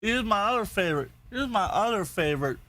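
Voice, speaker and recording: A man's voice: sits high, animated, brisk, pushed and bright. A man on a casual podcast, ranting angrily and swearing constantly, repeating himself as he gets worked up. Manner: angry, profane, repetitive ranting. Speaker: podcast host.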